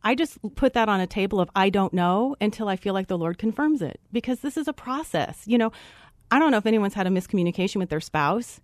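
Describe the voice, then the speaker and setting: A woman guest telling a personal faith story in an animated way, acting out what was said. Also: fast, dry recording, clean studio sound. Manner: expressive, acts out quotes with big pitch jumps.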